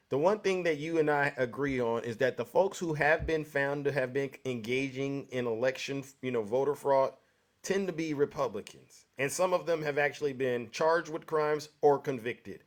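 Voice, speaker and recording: A man hosting a live political call-in show argues with a caller in a pressing, rhetorical style. His voice sits a little high for a man, and he keeps tagging his points with "right?" He often interrupts to take back the floor. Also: normal speed. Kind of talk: argumentative debate with a caller.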